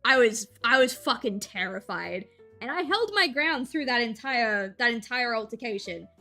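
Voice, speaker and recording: A woman's voice: on the high side, normal speed, faint music behind. Chatty young woman telling a story. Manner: chatty, laughs often, quotes people in lively voices. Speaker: streamer drawing emotes. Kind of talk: casual storytelling while drawing.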